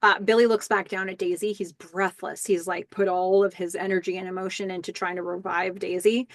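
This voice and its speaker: A woman hosting a rewatch podcast, narrating a TV episode scene by scene and quietly quoting its lines. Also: medium pitch, level tone, fairly quick, dry recording. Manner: describes scenes step by step, soft quoting of lines. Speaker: podcast host.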